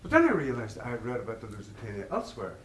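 A man's voice: medium pitch, wildly swooping pitch, rapid-fire, fairly bright tone, slight background noise. A man giving a public lecture, telling stories in a discursive, anecdotal way and chuckling at his own tales. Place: lecture hall. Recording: roomy hall, mic far off.

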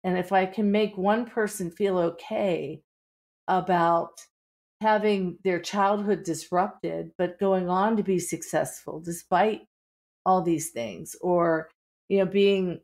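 A middle-aged woman with a Pittsburgh accent speaks in a low, darkish voice. She's an author guest on a podcast, talking candidly and peppering her answers with "you know."

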